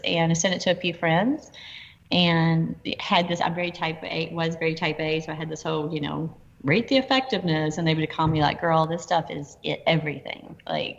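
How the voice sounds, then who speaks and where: A middle-aged woman telling stories in a casual interview, animated and quoting people in dialogue. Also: low-pitched, vocal fry, slight background noise. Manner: animated, quotes herself and others in dialogue. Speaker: guest entrepreneur. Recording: dull lo-fi sound with long reverb.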